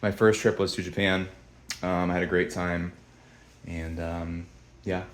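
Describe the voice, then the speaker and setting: A man's voice: low voice, level tone, unhurried. A young man telling a story to camera in a rambling, blunt, profane way with many restarts. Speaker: vlogger. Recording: echoey room.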